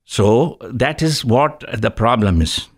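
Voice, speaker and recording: A middle-aged man hosting a healthcare talk show tells anecdotes and jokes, acting out the people he quotes as an animated storyteller. His voice is medium-pitched and he takes it slowly.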